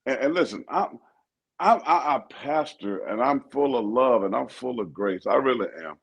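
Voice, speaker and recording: An older man, a pastor and co-host, talking sports in an animated, preachy way that repeats itself. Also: medium pitch, moderate pace, creaky, husky. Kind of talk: casual sports talk.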